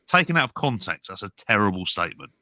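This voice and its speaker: A man with a very low voice that still rings sharp and bright, giving blunt opinions as a podcast co-host. He swears freely and keeps a wry edge, recorded dry and close. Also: very animated, fast talker, no room sound. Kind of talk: casual podcast chat.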